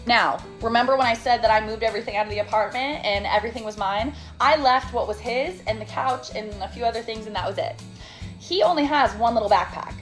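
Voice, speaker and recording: A young woman recounts a story in a casual, chatty way, full of sassy asides and dramatic emphasis. Her voice sits a little high. Faint music plays underneath. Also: fast talker.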